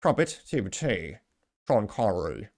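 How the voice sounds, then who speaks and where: Guy hamming up a bad fake british accent, cheery brit commenter, low-ish voice. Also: big pitch swings, unhurried. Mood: mocking. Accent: mock British. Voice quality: exaggerated, self-admittedly bad accent. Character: man mimicking a jolly British commenter.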